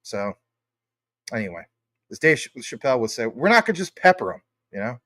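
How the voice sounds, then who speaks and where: A man's voice: mid-range voice, very animated, a little fast, bright, forceful tone, dry recording, studio quality. A man hosting a casual livestream, rambling enthusiastically and greeting viewers by name as he reads their comments. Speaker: crypto livestream host.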